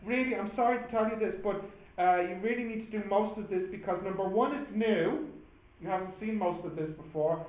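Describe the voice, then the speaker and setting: A man's voice: sits high, brisk. A man with an Irish accent teaching a maths class, chatty and joking as he explains patiently. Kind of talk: classroom lesson. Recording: echoey classroom on a tinny phone-like line.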